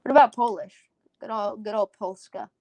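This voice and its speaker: A woman hosts a casual solo podcast, her medium-pitched voice a little mellow and her pace moderate. She rambles and giggles while sounding out foreign words, and the recording is dry.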